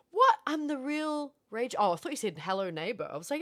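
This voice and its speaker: A woman's voice: high voice, moderate pace, long pauses. Chatty young woman streaming to viewers. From Florida. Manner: animated, swearing, reads out chat. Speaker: livestreamer. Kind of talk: casual chat with viewers.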